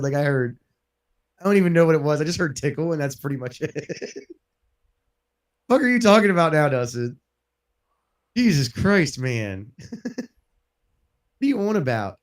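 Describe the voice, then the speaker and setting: A man's voice: a little high, sing-song, normal speed, long pauses. A man streaming a video game, chatting casually in a rambling, profane way and laughing often. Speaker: gaming streamer. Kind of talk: casual let's-play commentary.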